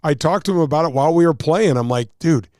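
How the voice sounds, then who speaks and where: A man's voice: fairly high pitch, quick pace, darkish tone, dry recording, studio quality. A man, a touring golf pro, explaining rules and telling stories in a casual chat, acting out quotes and laughing at himself.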